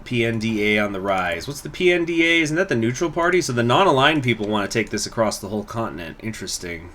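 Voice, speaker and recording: A man's voice: lowish voice, a bit bright, a little hiss or hum. A man hosting a gaming channel, thinking aloud and muttering through let's play commentary, swearing now and then.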